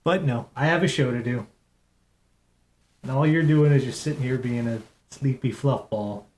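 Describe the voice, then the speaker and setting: A young adult man hosting a casual live internet radio show, cooing softly in baby talk to his cat between announcements. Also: mid-range voice, moderate pace.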